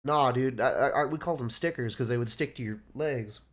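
A man from Texas with a Texas accent, chatting casually with friends on a stream, animated and swearing freely with a Southern drawl. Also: medium pitch, a little fast.

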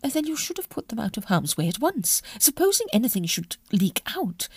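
Woman voicing a shrill flustered duchess. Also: sing-song, a little fast, slightly rough, no room sound, full character voice. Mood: agitated. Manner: shrill, agitated, exclaiming. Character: flustered aristocratic duchess, middle-aged aunt.

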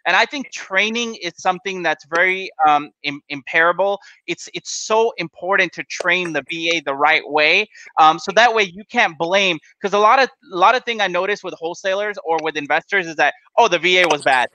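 A man hosting a casual business podcast, talking in an energetic coaching tone and asking rhetorical questions. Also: high voice, moderate pace, hardly any pauses, a little hiss or hum, low-quality recording. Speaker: podcast host.

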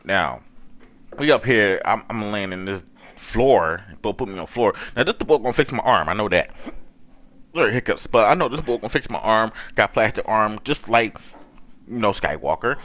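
Excitable gamer guy with lively pitch. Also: a little fast. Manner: excitable, swears a lot, talks to enemies. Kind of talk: let's play commentary. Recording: background music.

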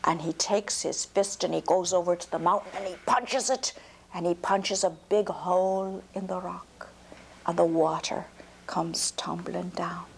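Woman reading a folk tale to a kid, slow and unhurried, hushed whispery bits. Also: on the low side, fairly even intonation, gravelly, a little hiss or hum. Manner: drops to whispers for suspense. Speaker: storyteller. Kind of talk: telling a folk tale aloud to a child.

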